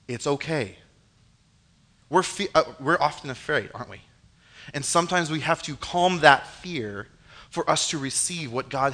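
A young man giving a casual sermon, reading scripture and acting out the scenes in an animated, joking way. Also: fairly high pitch. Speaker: preacher. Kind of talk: casual youth-style sermon with Bible reading.

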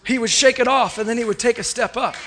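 A man's voice: very high voice, steady tone, fast talker, fairly bright tone, slight background noise. A man preaching a sermon to a congregation, telling a story and asking them questions. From United States. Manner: preacherly, rising and falling, asks the congregation questions. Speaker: pastor.

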